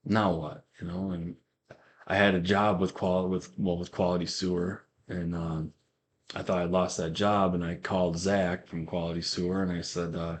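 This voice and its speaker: Rambling, low-voiced man telling his testimony. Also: little pitch movement, moderate pace. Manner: rambling storyteller who repeats himself and acts out quoted lines. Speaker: guest giving a faith testimony. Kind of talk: casual spoken testimony.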